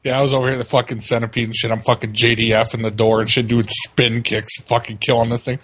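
Husky guy rambling and cussing nonstop, chatty stories, kinda rough voice. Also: mid-range voice, quick pace. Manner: swears constantly, animated storytelling. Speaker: co-host of a prank call show. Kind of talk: casual profane storytelling.

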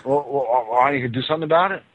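A man's voice: mid-range voice, fast talker, a bit bright, no room sound. Guy hosting call-in radio, blunt and mocking, sounds thin like it's over a phone line. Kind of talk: talk radio banter.

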